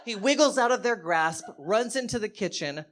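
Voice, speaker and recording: A man on a comedy stage spins a wild story, his voice sitting a little high for a man. He swears freely and bursts out loud at his punchlines, then drops back into a quieter, confiding tone. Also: normal speed. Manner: animated, profane storytelling with sudden loud outbursts. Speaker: stand-up comedian. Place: live stage show.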